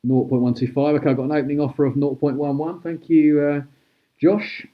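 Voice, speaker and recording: A man hosting a live-stream auction, chatty and brisk as he calls out prices and thanks bidders. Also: a little high, steady tone, dull audio. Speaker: host auctioning cards.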